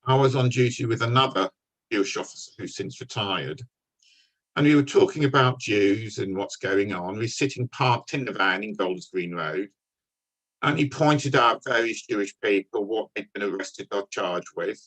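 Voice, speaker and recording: An older man, a guest speaker telling wry, deadpan stories from his police career to an audience. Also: fairly low pitch, normal speed, rough recording. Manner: dry, wry storytelling with deadpan punchlines. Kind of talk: anecdotal talk to an audience.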